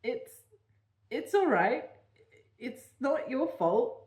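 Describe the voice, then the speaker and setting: A frightened young woman caught up in a royal intrigue she fears will get her killed, read aloud by a woman who wrote her, babbling breathlessly through her tears. Her voice is pitched up high, and the sound echoes around a room. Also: very animated, slow, darkish tone, heavily acted. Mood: scared, tearful. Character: frightened young woman, a queen's hidden bastard.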